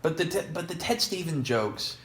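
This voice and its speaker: A man's voice: on the high side, expressive, moderate pace, a bit bright. A man co-hosting a podcast in casual chat, rambling and sarcastic with jokey asides. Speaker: podcast co-host. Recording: echoey room.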